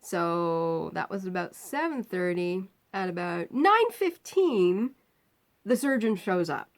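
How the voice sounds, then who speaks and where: A woman vlogger telling a personal story, acting out the people in it with lively, rising outbursts. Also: fairly low pitch, slow pace. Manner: animated retelling, acting out quoted lines.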